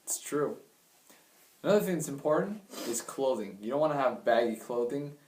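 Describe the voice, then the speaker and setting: A man's voice: medium pitch, expressive, moderate pace, darkish tone. A young man gives crude, blunt dating advice in a chatty, offhand way. He sounds set back from the mic, in an echoey room. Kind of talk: casual advice talk. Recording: roomy sound, mic at a distance.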